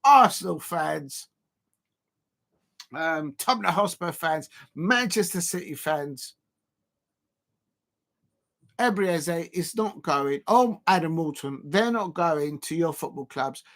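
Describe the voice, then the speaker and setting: A fan channel host with a fairly high, fairly bright male voice runs a live fan stream. His manner is mocking and heavy on banter, and he keeps breaking into chants, jeers, and sung snippets.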